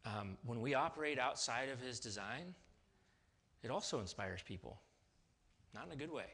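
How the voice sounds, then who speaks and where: A man pastor giving a sermon in a lively, conversational way, often checking in with his listeners. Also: mid-range voice, normal speed, pauses often, slightly rough.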